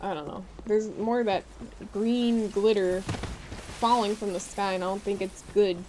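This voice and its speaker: A young woman with a Midwestern American accent, chatting with her live-stream chat while playing a game, reading messages aloud with excitable reactions. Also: mid-range voice, moderate pace, background noise.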